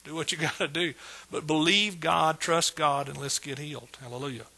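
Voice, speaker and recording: A man's voice: on the high side, moderate pace, vocal fry, sharp tone, husky. A middle-aged man preaching a sermon with exuberant energy, repeating phrases and calling out praise. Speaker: pastor.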